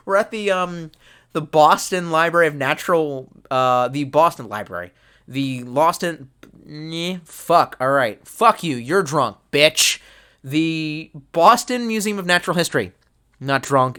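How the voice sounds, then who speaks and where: Tipsy, profane livestream host with a bright voice. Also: medium pitch, unhurried, clean tone. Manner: rambling, profane and loose. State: tipsy from drinking. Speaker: livestream host reading chat. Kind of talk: casual rambling live chat. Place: at home at a desk.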